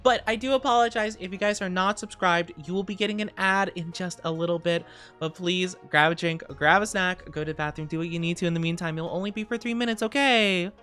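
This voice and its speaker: A young adult woman streaming live, chatting casually and greeting viewers by name, a little tired and quick to giggle. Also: on the low side, a bit bright, soft background music. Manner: chatty, reads viewer comments aloud and greets them, giggly.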